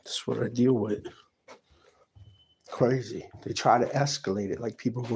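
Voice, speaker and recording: A man's voice: mid-range voice, fairly even intonation, normal speed, long pauses, darkish tone, a little hiss or hum. A man filming in his own apartment on a handheld phone, talking in an aggrieved, insistent way and repeating himself. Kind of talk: agitated self-filmed complaint.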